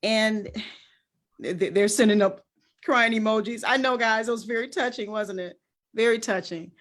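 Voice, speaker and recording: A woman's voice: fairly high pitch, moderate pace, a bit bright. A woman hosting a live-streamed interview, speaking effusively with lots of fillers over a video call. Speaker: host.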